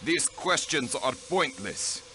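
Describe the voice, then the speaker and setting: A man's voice: mid-range voice, very animated, slow, bright, forceful tone, slight background noise, heavily acted. An actor playing a haughty, cold male diplomat in a video game, speaking in clipped, dismissive lines. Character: haughty middle-aged male diplomat count.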